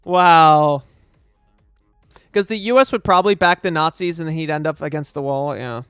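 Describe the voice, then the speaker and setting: A man streaming live and reacting out loud in a rambling, profane, excitable way. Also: on the high side, normal speed, smooth, dry recording, studio quality, faint music behind. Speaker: streamer and host.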